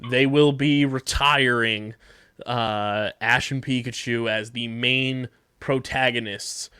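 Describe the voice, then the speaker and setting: A man's voice: medium pitch, steady tone, takes it slowly, bright, forceful tone, clear, resonant tone, no echo, clean studio sound. A man hosting a casual podcast, running through news and a sponsor read with plenty of fillers. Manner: conversational, filler-heavy. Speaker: podcast host.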